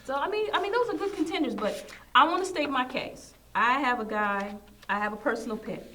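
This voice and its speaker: A woman's voice: sits high, lively intonation, a little fast, pushed and bright, slight background noise. A woman hosting a casual pop culture chat show, talking in a chatty, enthusiastic way and laughing often. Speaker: host.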